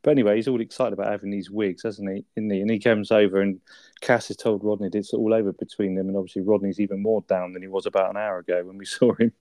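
Guy chatting about a tv episode, low mellow voice, laughs and swears a lot, dry sound. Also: little pitch movement, fast talker, dry recording. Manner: laughs often, swears, quotes characters. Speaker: podcast co-host. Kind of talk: casual chat reviewing a sitcom episode.

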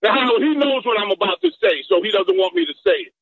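Sex: man. Role: call-in caller. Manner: persistent, stammering. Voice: very high. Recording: dull, lo-fi phone line. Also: sing-song, fast, gravelly, no echo. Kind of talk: call-in argument.

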